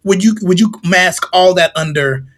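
A man playing a deadpan interviewer in a comedic mock interview, prompting with dry questions. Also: high-pitched, moderate pace.

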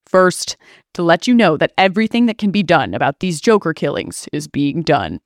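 Lady doing serious DA guy at a podium, booming and formal, lowish, comedy story. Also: lively intonation, moderate pace, no room sound, clean studio sound, lightly acted. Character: serious male district attorney at press conference.

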